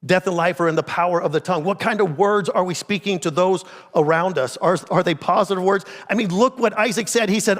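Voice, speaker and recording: A man's voice: sits high, a little fast. A middle-aged man preaching a sermon as pastor in a church, talking with the congregation in a conversational way and asking them many questions. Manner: conversational, asks the congregation many questions, drops to a quiet intense voice. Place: church sanctuary. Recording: long church reverb.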